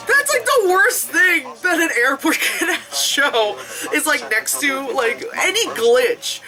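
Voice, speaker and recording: Lively, laughing, swearing movie reaction commentator. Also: high voice, slow. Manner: laughs often, swears freely, mimics characters. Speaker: movie reviewer. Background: film soundtrack music playing.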